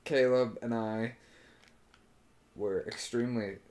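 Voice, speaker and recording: This is a young man chatting casually on a podcast, telling a long rambling story with plenty of swearing. He acts out what his friends said as he goes, and his voice sits at an ordinary middle pitch for a man. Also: takes it slowly, a little hiss or hum. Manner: rambling and animated, swearing often, imitating friends. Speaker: podcast co-host.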